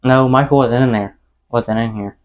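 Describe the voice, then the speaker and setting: A young man co-hosting a podcast in casual chat, excitable and dropping "bro" often. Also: mid-range voice, moderate pace, muffled recording. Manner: excitable, says "bro" a lot. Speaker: podcast co-host.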